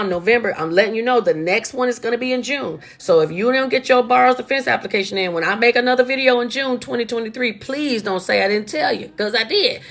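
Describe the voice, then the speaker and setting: A woman's voice: mid-range voice, a bit bright. A woman, hosting a casual live stream and chatting directly with viewers. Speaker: host answering viewer questions.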